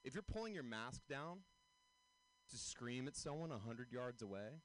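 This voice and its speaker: Animated young man doing stand-up. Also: normal speed, very noisy. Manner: animated, jumps into high squeaky voices for bits. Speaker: stand-up comedian. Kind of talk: stand-up comedy set. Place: outdoor comedy show.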